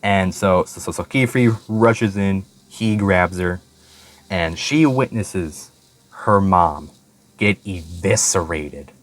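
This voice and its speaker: A man's voice: low-pitched, slow pace. A man giving a casual, profanity-filled anime recap, rambling and stumbling over words. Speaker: anime reviewer. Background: faint background music.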